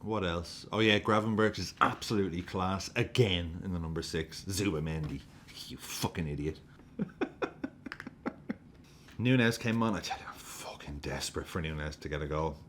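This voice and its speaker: A man with a low voice reacts to a football match with giddy excitement, swearing freely and laughing as he goes. He talks casually, like a fan ranting to his camera. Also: a little fast, hardly any pauses, a little hiss or hum. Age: adult with a young daughter.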